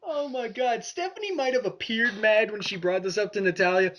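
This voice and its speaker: A man's voice: sits high, fairly quick, a bit bright, muffled recording, slight background noise. A man co-hosting a casual review podcast, joking and swearing freely. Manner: joking, swears, laughs a lot. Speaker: podcast co-host.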